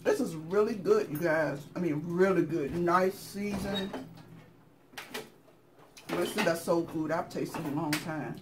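A woman with a Southern US accent hosts a mukbang channel, chatting casually while she eats on camera, talking through bites and laughing often. Her voice is fairly low-pitched and measured in pace, with background noise in the recording.

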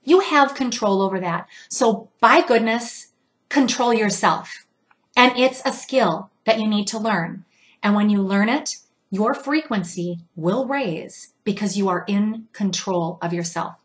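A woman's voice: mid-range voice, unhurried. A middle-aged woman giving an upbeat motivational talk, acting out little everyday exchanges as she goes. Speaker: motivational speaker.

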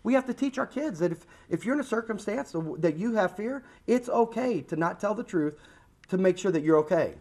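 A man in his forties with an American accent, giving a lively community safety talk to parents and acting out what kids say. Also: sits high, brisk. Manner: animated, acts out kids' lines. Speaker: school safety presenter. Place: school meeting room.

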